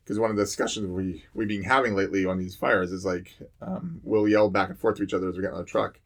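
A man's voice: deep voice, fairly even intonation, quick pace. A man, a firefighter, telling a fire call story in casual chat, rambling with many fillers and restarts.

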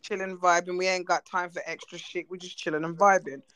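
Blunt, fast-talking woman. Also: fairly low pitch, dry recording, low-quality recording. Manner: blunt, animated, swears freely. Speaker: podcast co-host. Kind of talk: casual chat.

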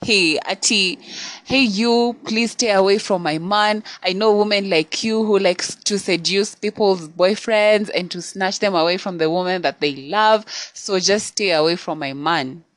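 A woman's voice: medium pitch, a little slow, no echo, lightly acted. A woman voicing a jealous young woman who phones and texts a rival, pushy and accusing.

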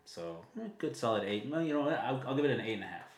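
A man's voice: mid-range voice, animated, fast talker, vocal fry, slight background noise. A tired man co-hosting a podcast in casual chat, rambling and laughing often. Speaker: podcast co-host. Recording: echoey room.

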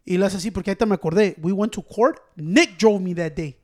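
High-voiced man telling a profane story. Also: fast talker. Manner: profane, animated, acts out quotes. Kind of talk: casual storytelling among friends.

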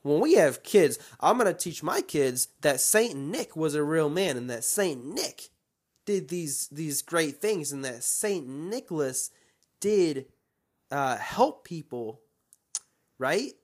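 A man's voice: on the high side, slow. Fired-up young man ranting on his podcast. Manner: animated, rambling, gets fired up and ranting. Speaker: podcast host. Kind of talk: casual solo podcast chat.

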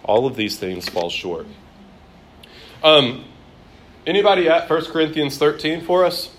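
A man's voice: a little high, very animated, unhurried, fairly bright tone. A man teaching a classroom Bible lesson in a conversational way, acting out quoted voices.

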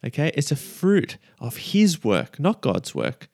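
A man's voice: on the high side, huge pitch swings, measured pace, gravelly, darkish tone, dry recording, studio quality. A man hosting a casual devotional podcast, chatty and repeating his key lines as he checks in with listeners. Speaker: podcast host.

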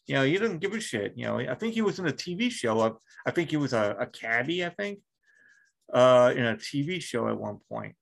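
Gravelly man hosting a casual podcast. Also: mid-range voice, brisk. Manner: profane, rambling, animated storytelling. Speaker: podcast host.

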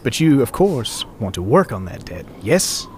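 A man's voice: mid-range voice, very animated, moderate pace, a little mellow, slight background noise, close to an everyday voice. A man voicing a polite but menacing older male cult agent who calls the hero "lad". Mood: cold. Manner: polite, calling others "lad".

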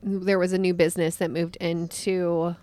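A woman in her thirties chatting on a podcast in a soft-spoken, halting way. Her voice sits a little low, and the sound is dry and close with almost no room. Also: level tone, no echo. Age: 30s. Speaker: podcast co-host. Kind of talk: casual podcast chat.

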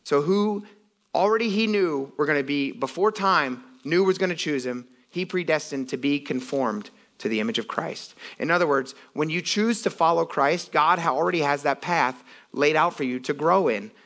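Animated man preaching a casual sermon. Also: on the high side. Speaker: pastor. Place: church sanctuary.

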